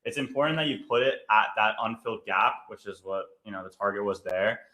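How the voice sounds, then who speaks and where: A man's voice: on the low side, fast, sharp tone. A man co-teaching a live online trading lesson, explaining casually with a joking streak.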